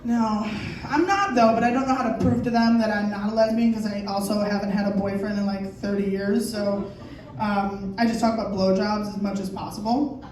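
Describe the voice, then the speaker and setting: A woman in her thirties doing a crude, animated stand-up comedy set on a comedy theater stage, acting out scenes in shouted voices. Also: mid-range voice, fairly quick. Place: comedy theater stage before a laughing audience. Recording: distant, echoey club recording with audience noise.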